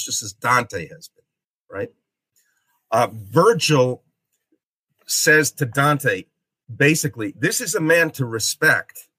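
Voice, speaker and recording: A male lecturer talks slowly and with a bright, forceful tone. He explains step by step and often pauses to check in with "okay?". The recording is dry and close. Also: mid-range voice, no room sound. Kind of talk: literature lecture.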